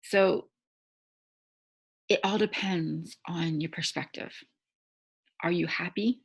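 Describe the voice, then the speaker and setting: A woman's voice: on the low side, steady tone, slow, gravelly, breathy edge, poor audio. A woman hosting a faith-based challenge, giving a devotional teaching talk in a conversational way and often checking in with tag questions.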